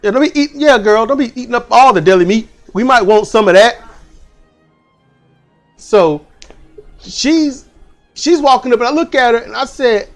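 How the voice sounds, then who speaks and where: Animated man retelling a dream. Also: very high voice, normal speed, pauses often, soft background music. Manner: animated, profane, acts out the people he quotes. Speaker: channel host. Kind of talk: casual storytelling of a dream. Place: home.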